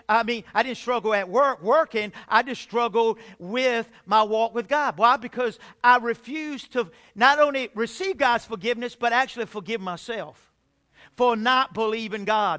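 A middle-aged pastor preaches his own testimony in a high-pitched voice. His tone is bright and forward, and he swings between loud emphatic bursts and hushed confessions. The delivery is plainly that of a sermon.

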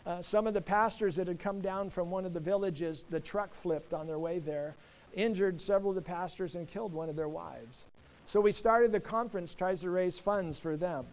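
High-voiced man preaching a sermon. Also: moderate pace, a little mellow, low-quality recording. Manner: earnest, repeats words when starting phrases; preaching to a congregation, asking them questions. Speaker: pastor.

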